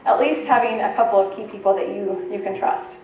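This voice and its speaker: A woman's voice: medium pitch, fairly quick, background noise. A woman presenting at a retreat, giving an informal talk to a live audience in a conversational way and checking in with her listeners. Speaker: conference presenter. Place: meeting room at a retreat. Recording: very echoey room, voice from far off, faint ambience.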